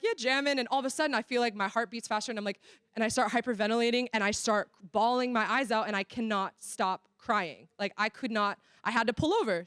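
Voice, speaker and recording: Earnest woman, clear higher voice. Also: fairly bright tone, no echo. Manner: earnest, candid, frequent "like" fillers. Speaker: workshop speaker. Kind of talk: church workshop talk. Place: church venue.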